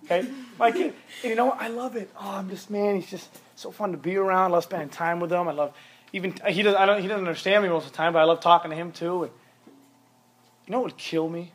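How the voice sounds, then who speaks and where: A youth pastor in his thirties, high-pitched and fast-talking, preaches a sermon to teenagers. He is emphatic and repetitive, repeating commands for stress to hammer home each point.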